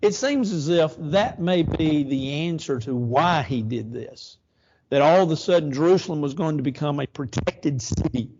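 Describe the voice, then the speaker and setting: A man leads a Sunday Bible class at church in a fairly high voice. He talks like he is having a conversation, telling stories and asking rhetorical questions. The recording sounds dull and lo-fi. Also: animated, moderate pace, darkish tone.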